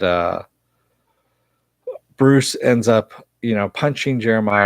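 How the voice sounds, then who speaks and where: A man's voice: fairly low pitch, dry recording. A man casually recapping and reviewing a TV episode, rambling with many fillers. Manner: rambling, filler-heavy retelling.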